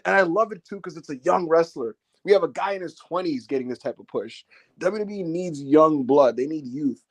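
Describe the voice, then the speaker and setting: A man co-hosting a wrestling review podcast, telling it animatedly, acting out quotes and swearing freely. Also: high-pitched. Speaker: podcast co-host. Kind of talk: casual wrestling review chat.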